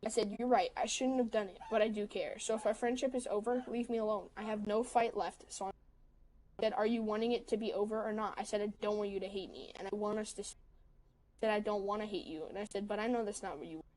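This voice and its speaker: A woman on a livestream telling a story in a casual way, quickly quoting both sides of a text argument. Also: mid-range voice, steady tone, darkish tone, a little hiss or hum, poor audio. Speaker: livestream host.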